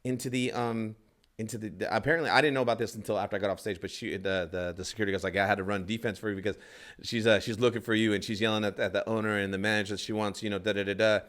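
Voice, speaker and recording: A man's voice: lowish voice, steady tone, racing, fairly bright tone. A man, a stand-up comedian, telling a rambling story in casual podcast talk, acting out other people's lines and swearing freely.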